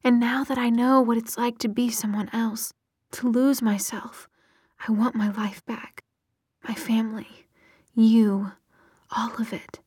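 A woman reading a young man's lines in a soft breathy whisper, a whispered role-play of an intense, lovestruck hero. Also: very high voice, level tone, a little slow, no room sound, studio quality, full character voice.

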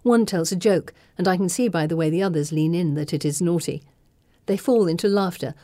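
A woman narrating a first-person novel in a measured, dramatic reading. Her voice is dark and mellow and sits a little low. The recording is dry and close. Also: no echo. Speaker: audiobook narrator.

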